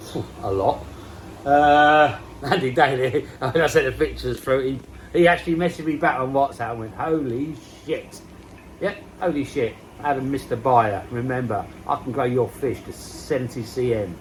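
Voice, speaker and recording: An Englishman in his fifties rambles casually on his koi pond vlog, filmed outdoors beside a garden pond, poking fun at himself and swearing freely. His mid-range voice comes through a rough recording with a little hiss or hum.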